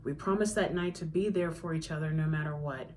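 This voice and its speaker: Woman author, reading her novel, lowish voice, conversational narration. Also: a little fast, a little mellow, slight background noise. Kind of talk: audiobook-style reading.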